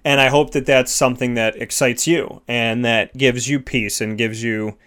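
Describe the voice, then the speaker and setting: An earnest man delivers a motivational self-help talk. He builds his points through repeated, emphatic lists. His pitch sits at an ordinary middle for a man. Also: steady tone, normal speed, fairly bright tone, clean tone. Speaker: host of a sponsored motivational segment.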